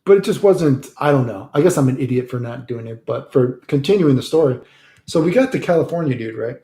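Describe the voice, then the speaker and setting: Casual male streamer, crude and excitable, telling a story, mellow voice in a roomy space. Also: mid-range voice, brisk. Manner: profane and animated, swears constantly; loose rambling delivery with restarts and "dude". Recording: roomy echo.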